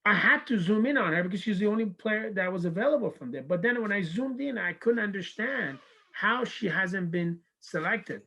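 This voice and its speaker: Heard on a low-quality recording, a Canadian man with a high-sitting voice speaks at a moderate pace. He coaches soccer at a university and, in a casual video-call interview, acts out quoted dialogue while telling lively stories.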